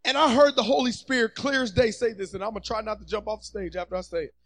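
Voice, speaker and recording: Fervent high-voiced preacher man. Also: steady tone, fast talker, low-quality recording. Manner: fervent, builds to shouting, acts out quotes. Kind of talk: sermon. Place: church stage.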